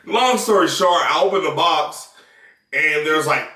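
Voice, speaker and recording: A man's voice: a little high, animated, a little slow, pushed and bright. A man from the South, telling a story in a casual vlog chat, laughing and swearing freely. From Southern United States. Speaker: vlogger, new father. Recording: echoey room, mic at a distance.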